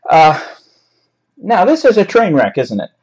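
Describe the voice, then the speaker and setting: A man's voice: sits high, wildly swooping pitch, measured pace, a little mellow, breathy edge. A man teaching a writing class in a chatty, wry way, laughing now and then at his examples. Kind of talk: classroom lecture on paraphrasing. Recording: dull lo-fi recording.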